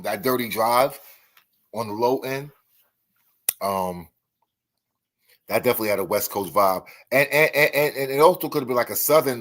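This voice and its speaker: A man hosting an internet radio show in casual chat, rambling with many restarts and fillers and breaking into loud, emphatic bursts. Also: medium pitch.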